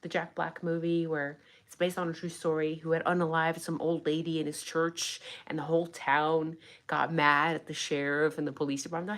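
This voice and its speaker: A woman's voice: sits low, fairly even intonation, fairly quick, few pauses. Blunt, sarcastic woman streamer. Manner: blunt, sarcastic, swears freely. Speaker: true crime commentator. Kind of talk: casual livestream commentary.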